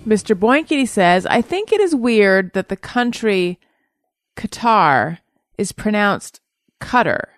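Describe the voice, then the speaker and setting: A woman hosting a podcast in casual chat, animated and self-mocking. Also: medium pitch, a little slow, hardly any pauses, no room sound, studio quality. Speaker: podcast host.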